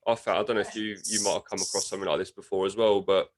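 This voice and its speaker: Young man, podcast host, low voice, chatty with frequent restarts. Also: steady tone, very fast. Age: young adult. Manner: chatty, restarts words, acts out quotes. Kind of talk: casual interview chat.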